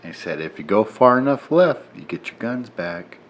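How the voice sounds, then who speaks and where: A tipsy man co-hosting a podcast in casual chat, joking loudly, laughing and swearing a lot. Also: lowish voice, big pitch swings, moderate pace. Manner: loud, profane, joking, laughs often. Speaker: podcast co-host.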